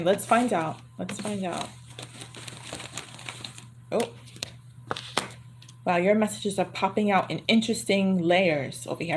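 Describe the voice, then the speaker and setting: A woman doing a livestream tarot reading, talking in a loose, chatty way and often repeating herself under her breath. Cards shuffle clearly in the background. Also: medium pitch, noisy background. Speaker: tarot reader. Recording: card shuffling clearly audible.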